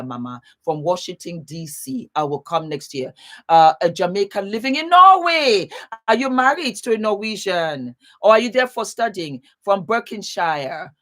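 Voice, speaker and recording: A woman hosting a casual live stream, greeting viewers warmly by place and laughing often as she chats. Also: medium pitch. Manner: warm, chatty, calls viewers baby and beautiful. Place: home, seated.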